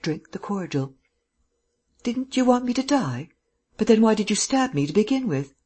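A reader voicing a male gentleman thief who is weak from his ordeal, speaking in stammering, incredulous questions. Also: medium pitch, normal speed, breathy edge, lightly acted. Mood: bewildered. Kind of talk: audiobook dialogue reading.

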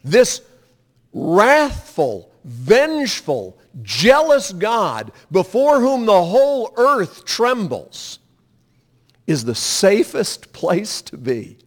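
Male pastor, sermon, lively swinging pitch, slightly high voice, emphatic delivery. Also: very slow. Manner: emphatic, leads the congregation in repeating lines.

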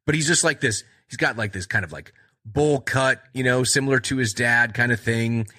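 A man with a husky, bright-edged voice tells movie stories in a loose, rambling style. He keeps checking in with "right?" and slips into acted-out quotes from the scenes. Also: medium pitch, normal speed. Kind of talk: casual movie chat.

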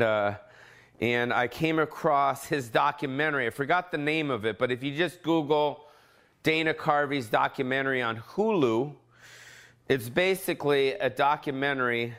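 A man hosting his own podcast, ranting casually from home with heavy swearing and sudden mock voices. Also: mid-range voice. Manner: profane, animated, jumps into mock voices. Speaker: podcast host. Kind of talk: casual solo rant.

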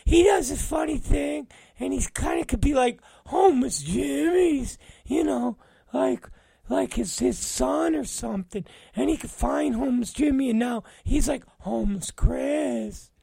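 A man voicing an overeager, rambling male friend who talks in a high, shouting voice. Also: unhurried, vocal fry, slightly rough, no echo, exaggerated voice. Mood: eager. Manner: excited, rambling, naive.

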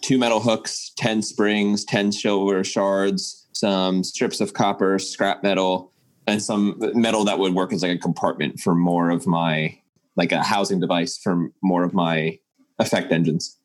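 A man playing in a tabletop role-playing game, animated, describing his character's actions in first person. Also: low voice, measured pace. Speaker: player.

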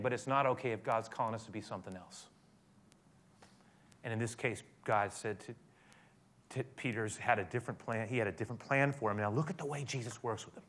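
A pastor delivers a sermon in a bright, forceful voice of medium pitch. He is emphatic and speaks directly to his congregation, pressing them with questions and appeals to listen. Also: brisk.

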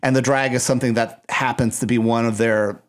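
A man's voice: mid-range voice, fairly even intonation, brisk. A man co-hosting a podcast, talking in a loose, rambling way full of fillers and restarts. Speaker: podcast co-host. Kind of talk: casual chat.

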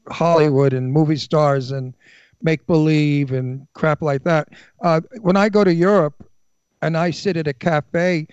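A man's voice: on the high side, a little mellow, clean tone, dry recording. A man hosting a radio talk show, speaking bluntly and opinionated, swearing freely. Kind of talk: casual radio chat. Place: radio studio. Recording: dry, dull lo-fi radio studio sound.

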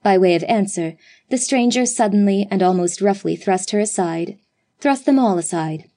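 Mellow-voiced woman reading a storybook. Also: mid-range voice. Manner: measured, expressive reading. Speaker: audiobook narrator. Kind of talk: scripted storybook narration.

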